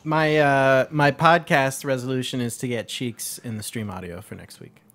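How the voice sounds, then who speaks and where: A man's voice: medium pitch, fairly even intonation, normal speed, fairly bright tone. A man hosting a casual gaming podcast, upbeat and wrapping up the show with plugs. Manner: upbeat, runs the outro and plugs. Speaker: podcast host.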